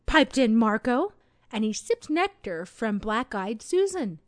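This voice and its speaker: Woman, children's read-along narration, expressive, sing-song, dry close recording. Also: on the high side, slow, dry recording. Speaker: storybook narrator.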